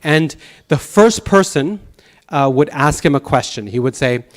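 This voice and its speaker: Animated man telling teaching stories. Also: a little high, measured pace. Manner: animated storyteller with chuckles and restarts. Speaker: Sanskrit teacher. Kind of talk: lecture with anecdotes. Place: temple class.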